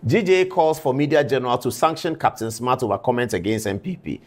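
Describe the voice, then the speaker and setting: A man's voice: mid-range voice, expressive, quick pace. A man presenting on television, indignant and calling people out directly by name. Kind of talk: studio commentary.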